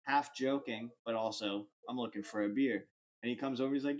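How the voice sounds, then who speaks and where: A young man hosting a podcast, telling a rambling, animated anecdote full of fillers and swearing. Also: medium pitch, brisk. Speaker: podcast host. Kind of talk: casual storytelling.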